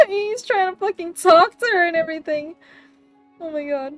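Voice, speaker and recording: High-voiced excitable woman, swearing a lot. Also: unhurried, no room sound, soft background music. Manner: excitable, swears a lot, loud laughing outbursts. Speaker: streamer hosting a book club. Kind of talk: casual chat.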